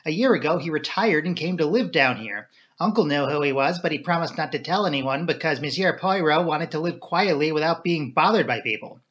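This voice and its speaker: A man's voice: on the high side, animated, a little fast, a bit bright, highs cut off. A man voicing a young woman who is earnest, resolute and defiant, in an audiobook reading. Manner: pleading, insistent.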